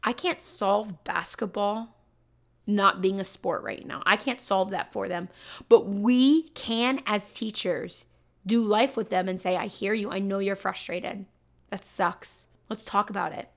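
A woman's voice: mid-range voice, a little slow, vocal fry. A young adult woman, a teacher, giving an upbeat, chatty motivational talk to fellow teachers with lots of emphatic repeats. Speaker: teacher and podcast host.

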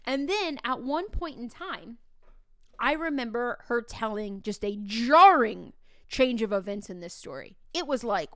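A woman in her upper thirties tells a classroom story on a podcast, slipping into quoted dialogue with plenty of "like" and "um." Her voice is smooth and clear, recorded close and dry. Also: fairly high pitch, unhurried, no echo. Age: 30s. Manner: animated, acts out quoted dialogue, many fillers. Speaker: teacher and podcast host. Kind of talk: casual storytelling monologue.

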